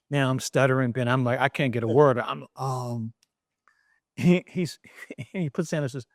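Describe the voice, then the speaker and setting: A middle-aged man from East Baltimore, a journalist telling an animated anecdote in an interview, with frequent restarts. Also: mid-range voice, normal speed, no room sound, studio quality. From East Baltimore, USA.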